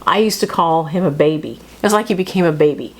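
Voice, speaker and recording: A woman's voice: low-pitched, quick pace. A woman hosting a casual book talk who chats loosely, often laughs and breaks off mid-sentence. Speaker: host. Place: home studio.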